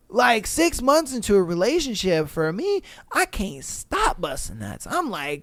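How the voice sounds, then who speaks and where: A man hosting a podcast on his own, reading listener stories and reacting in loose, animated slang with a lot of swearing. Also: high voice, measured pace, few pauses, dry recording, clean studio sound. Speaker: podcast host.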